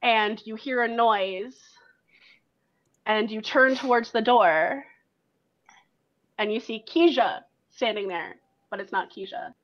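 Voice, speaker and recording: Woman GM, higher voice, slow and meandering second-person narration, dull lo-fi recording. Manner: loose and filler-heavy, full of likes and ums. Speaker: game master.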